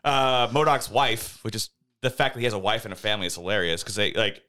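A man's voice: on the low side, steady tone, fast talker, pushed and bright. A man in casual chat, rambling with many restarts and laughing as he recalls a show.

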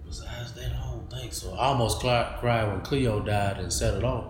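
A man's voice: mid-range voice, steady tone, moderate pace, echoey room. A man in a casual podcast chat, joking around with slangy banter.

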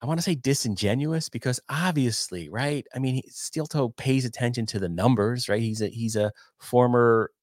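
In a dry, studio-quality recording, a man with a mid-range voice talks at normal speed with few pauses. He's hosting a loose, rambling livestream like a podcast host reading chat, cursing and reading out viewer donations.

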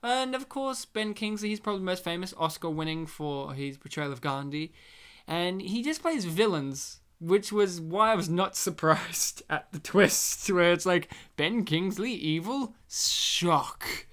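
A man's voice: high voice, expressive, normal speed, fairly bright tone, clear, resonant tone. A man co-hosting a casual movie commentary chat, joking and sarcastic, laughing often.

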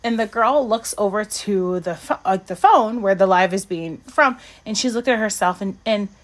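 A woman co-hosting a podcast, chatting casually about an episode in an animated, rambling way, with lots of fillers and restarts. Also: normal speed. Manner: animated, jumps to high pitch when excited. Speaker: podcast co-host. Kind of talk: casual chat reviewing an episode.

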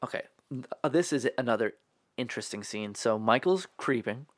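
Male podcast host, relaxed recap delivery, mid pitch, dry booth sound. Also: no room sound. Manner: laid-back, filler-heavy retelling with quick impressions. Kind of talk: casual movie recap chat.

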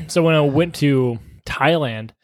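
Higher-voiced man telling rambling stories. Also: slow pace, creaky, darkish tone. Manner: rambling storytelling, many restarts and swearing. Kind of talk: casual chat.

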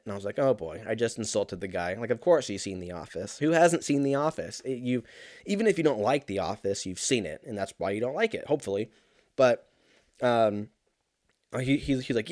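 A man's voice: on the low side, a little fast, dry recording, studio quality. Profane rambling man in his thirties. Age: 30s. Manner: rambling, profane, animated anecdote with frequent fillers. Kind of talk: casual storytelling monologue.

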